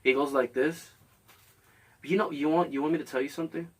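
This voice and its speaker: Husky, animated man telling a heated story. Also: on the high side, brisk. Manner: animated, profane, acts out both sides of a quarrel. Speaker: podcast host. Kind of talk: casual storytelling chat.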